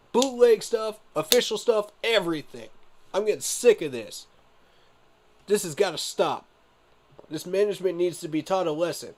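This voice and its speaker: A man's voice: sits high, expressive, normal speed. A man live-streaming his reaction to a sports event, emphatic and exasperated, talking straight to his viewers with rhetorical questions. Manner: emphatic, addresses viewers directly as y'all.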